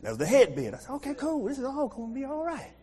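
A middle-aged American man preaching a sermon as pastor, animated, swinging from loud outbursts to quiet asides. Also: extremely high pitch, quick pace. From United States.

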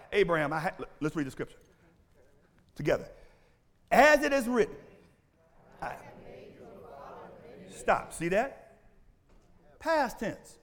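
A man preaching a sermon, asking the congregation questions and rising to shouts. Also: high voice. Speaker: pastor.

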